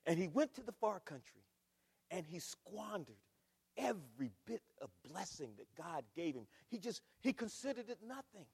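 A middle-aged man preaching a sermon in a church, swinging between shouts and hushed, emphatic lines. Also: high voice, big pitch swings, normal speed, vocal fry, husky. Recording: long reverb of a large hall.

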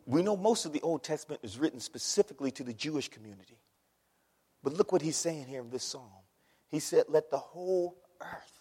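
Brief: man preaching, high animated voice, big echoing church. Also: moderate pace, husky. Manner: dramatic, swings from shouting to hushed. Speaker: pastor. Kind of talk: sermon. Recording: long hall reverb.

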